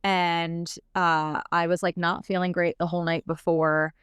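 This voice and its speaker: A young woman talks as a podcast guest, her voice a touch low and notably smooth and clean. She retells events in a rapid, animated casual style, dropping filler words constantly. The sound is close and dry. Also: dry recording. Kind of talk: casual storytelling.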